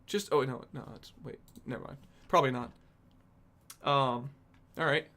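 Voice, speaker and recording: A man's voice: mid-range voice, normal speed, pushed and bright. A young man streaming and reacting to obscure songs, rambling casually, thinking aloud and swearing often. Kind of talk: casual music reaction chat. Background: faint music from the songs he plays.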